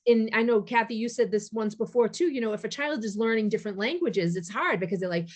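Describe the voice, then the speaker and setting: A woman's voice: fairly high pitch, fast talker. A middle-aged woman co-hosting a podcast in casual chat, explaining her points earnestly with the odd laugh. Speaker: podcast co-host.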